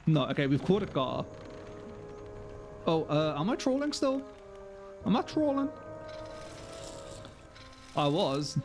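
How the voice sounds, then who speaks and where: A man's voice: on the high side, very animated, slow, long pauses, over music. A man streaming a game live, joking, swearing freely and laughing often. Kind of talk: live gameplay commentary.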